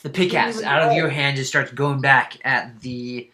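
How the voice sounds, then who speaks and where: A man narrating as dungeon master, halting with many fillers. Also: mid-range voice, fairly even intonation, bright, forceful tone. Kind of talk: narrating a tabletop game.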